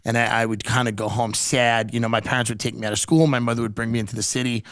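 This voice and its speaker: A man's voice: mid-range voice, level tone, fast, fairly bright tone. A man hosting a podcast, telling rambling, profane comic stories in a casual chat. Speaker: podcast host.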